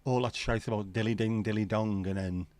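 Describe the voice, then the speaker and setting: Here a middle-aged livestream host speaks briskly in a lowish, steady, slightly mellow voice, recorded with no room sound. His talk is casual: he reads viewer comments and keeps up a jokey, pub-style ramble.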